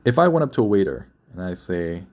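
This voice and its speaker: A man's voice: sits low, big pitch swings, quick pace, darkish tone. A young man teaching a grammar lesson, explaining patiently and often repeating or correcting himself. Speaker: Korean language teacher.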